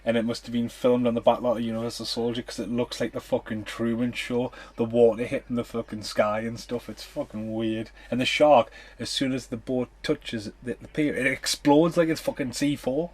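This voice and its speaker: A man's voice: medium pitch, level tone, normal speed, few pauses. A man hosting a movie commentary podcast, talking over the film in a blunt, sweary, casual way. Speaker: podcast host.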